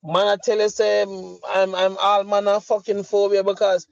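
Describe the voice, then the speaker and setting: A man's voice: sits high, completely flat delivery, normal speed, vocal fry, dry recording. A middle-aged man with a Jamaican accent, a podcast co-host delivering a heated, profane, emphatic rant. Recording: dry, slightly muffled lo-fi audio.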